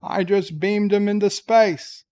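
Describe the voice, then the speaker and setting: A man voicing a scheming, blunt starship captain who mocks and shouts down a young crewman in a comic skit. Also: sits high, fairly even intonation, slow pace, clean tone, pitched above the performer's own voice. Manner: brash, mocking, loud outbursts.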